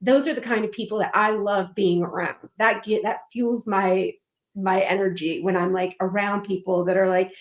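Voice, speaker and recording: A woman's voice: medium pitch, muffled recording. A woman on a casual panel chat, encouraging and reflective, speaking in long flowing sentences.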